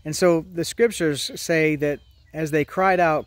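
A man serving as pastor delivers a sermon in an earnest storytelling manner. His voice sits a bit higher than most men's, and he slows down to lean on key words. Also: steady tone, dry recording.

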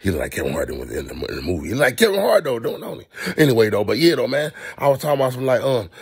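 A man rambling casually through a profane movie review, swinging into loud animated rants. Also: medium pitch, rapid-fire, creaky, breathy edge.

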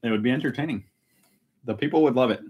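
A man's voice: medium pitch, fast, a little mellow, breathy edge, low-quality recording. A man hosting a casual live stream from home, chatty and self-mocking, laughing often. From United States. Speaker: channel host.

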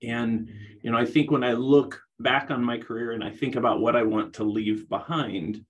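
A middle-aged man giving a conference presentation on rehabilitation, talking in a halting way with many restarts. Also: medium pitch, steady tone, lo-fi sound. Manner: hesitant, many restarts and fillers.

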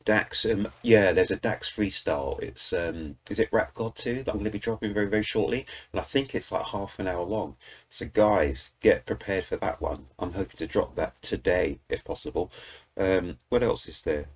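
This is a British man reacting to music, his voice deep and husky, his pace moderate. He keeps the commentary casual and excited, addressing his audience directly.

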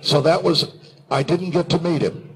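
Gravelly older man telling panel stories. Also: on the high side, moderate pace, rough recording. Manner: animated, slips into announcer and character voices. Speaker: voice actor and panel guest. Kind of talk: storytelling on a convention panel. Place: convention panel room. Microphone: handheld microphone.

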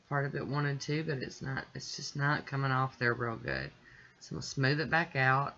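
A woman's voice: extremely low pitch, highs cut off. Chatty woman narrating a nail tutorial. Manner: chatty, relaxed step-by-step explaining. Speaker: nail art channel host.

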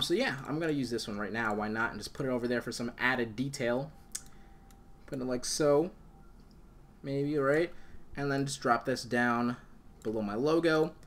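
A young man hosting a casual software tutorial, rambling and enthusiastic, full of fillers and restarts. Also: mid-range voice. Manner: rambling, enthusiastic, many fillers and self-corrections. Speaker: tutorial host.

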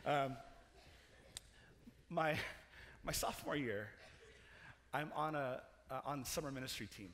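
A young man preaching in a chapel, telling a story with animated energy, laughing and restarting his sentences as he goes. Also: medium pitch, unhurried, pauses often, slight background noise. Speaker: chapel speaker. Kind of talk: storytelling sermon. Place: large chapel hall. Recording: long hall reverb.

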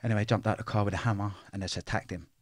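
A man's voice: on the low side, fairly even intonation, racing, no room sound. A middle-aged man, telling his life story bluntly in an interview, full of swearing and street slang. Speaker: interview guest.

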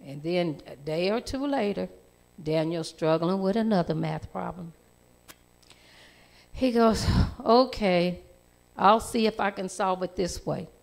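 A woman telling a children's story in church, with animated storytelling and lively voice changes. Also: fairly low pitch, a little slow, gravelly, long pauses.

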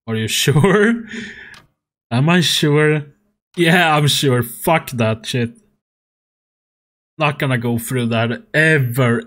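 In this let's play commentary, a gaming YouTuber talks over a horror game as he plays it. His voice sits at a medium pitch and is a bit bright, and he swears often and laughs at his own frustration.

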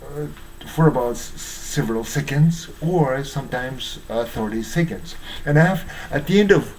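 A man with a Japanese accent, hoarse from strain, giving a halting monologue full of fillers and restarts. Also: mid-range voice, expressive, darkish tone, slight background noise, rough recording. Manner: halting, many fillers and restarts, searching for English words. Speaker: YouTuber. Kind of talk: slow rambling monologue.

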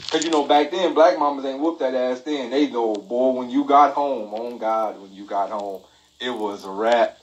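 Animated man telling a funny story. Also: mid-range voice, normal speed, a little hiss or hum, rough recording. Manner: animated, laughing, repetitive exclamations. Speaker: live stream host. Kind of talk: comic storytelling. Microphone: phone mic.

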